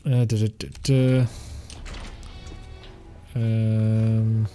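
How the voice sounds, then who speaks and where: A man's voice: lowish voice, flat delivery, very slow, dark tone, faint music behind. A man streaming a video game, rambling and joking with chat and swearing often. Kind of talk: casual gameplay commentary.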